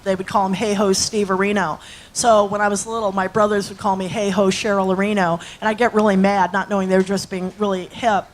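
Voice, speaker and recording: A woman's voice: mid-range voice, slight background noise, rough recording. A woman in her sixties, an actress and acting teacher, telling rambling anecdotes to an audience. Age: 60s. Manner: chatty, rambling storyteller with fillers.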